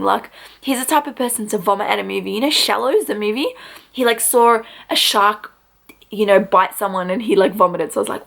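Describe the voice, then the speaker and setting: A woman's voice: mid-range voice, a little fast, vocal fry, fairly bright tone. A young woman, chatty and full of "like" fillers, telling a personal story to camera in a casual vlog. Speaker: vlogger.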